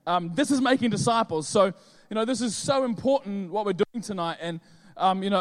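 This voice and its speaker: A man preaching a casual, joking sermon and leaning on plenty of fillers. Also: sits high. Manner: chatty, joking, many fillers. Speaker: pastor. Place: church hall with audience. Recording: reverberant hall.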